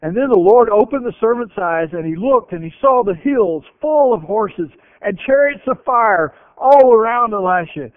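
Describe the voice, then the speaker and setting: A man preaching a sermon and retelling scripture with animated voices. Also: high voice, normal speed, few pauses, no room sound. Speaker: pastor. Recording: tinny phone-like radio broadcast.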